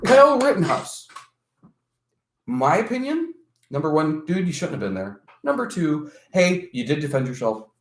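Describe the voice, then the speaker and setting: A man's voice: fairly high pitch, moderate pace. A man and former EMT in casual podcast chat, telling stories with swearing and quoted voices. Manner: animated storytelling, swearing, quoting others. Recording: echoey room.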